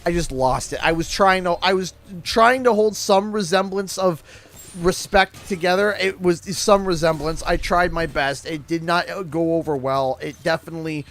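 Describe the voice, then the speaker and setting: A young Canadian man chatting casually on a gaming livestream, laughing often and talking excitably as he reads out chat. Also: high-pitched, normal speed. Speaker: streamer.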